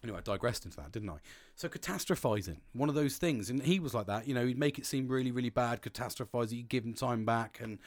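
A man's voice: medium pitch, fast. A British man talking in a frank, rambling casual monologue, swearing freely as a podcast host.

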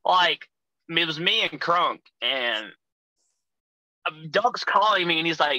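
A wrestler tells his stories, swearing freely and turning loud when he acts out his own past shouting. His voice is bright, tense and a little high for a man. The sound is dry and close. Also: normal speed, no room sound, low-quality recording. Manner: profane, animated storyteller, acts out shouting in quotes. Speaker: professional wrestler guest. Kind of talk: casual storytelling chat.

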